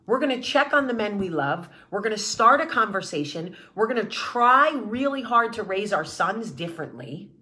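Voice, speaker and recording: A woman's voice: medium pitch, very animated, moderate pace, few pauses, bright, forceful tone. A woman hosting her vlog, giving an impassioned, blunt monologue with swearing and repeated rallying phrases. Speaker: vlog host.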